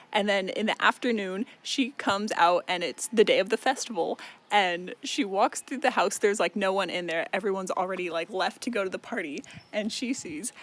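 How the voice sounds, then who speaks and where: A man's voice: high voice, a bit bright, rough recording. A man giving a casual, rambling book recap. He swears often and laughs as he talks. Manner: rambling, profane, laughs a lot.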